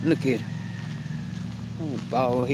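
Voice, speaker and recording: A woman with a very deep voice talks slowly and casually to her viewers, filming herself at home and then out on the porch. She's a chatty, animated vlogger who speaks straight to the camera, with heavy background noise throughout.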